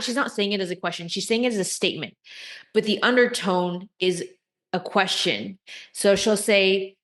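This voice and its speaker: Slow, emphatic female coach. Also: fairly bright tone. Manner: self-described high energy and eccentric. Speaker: feminine energy coach. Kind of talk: advice talk to camera.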